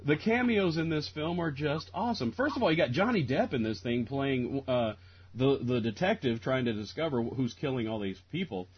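A man's voice: mid-range voice, expressive, brisk, a little hiss or hum. A man on a podcast, chatting casually about a film, rambling with lots of restarts and laughter. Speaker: podcast co-host reviewing a film. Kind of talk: casual chat. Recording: dull lo-fi audio.

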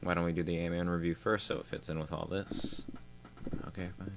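A man's voice: low voice, flat delivery, a little fast, creaky, a little hiss or hum. A man co-hosting a podcast, making dry wisecracks. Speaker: podcast co-host.

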